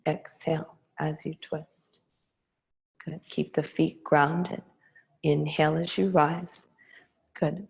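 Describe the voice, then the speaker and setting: A woman teaching a yoga class, giving slow, calm, soothing cues to her students. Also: low voice, gravelly, rough recording. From Hawaii. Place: yoga studio.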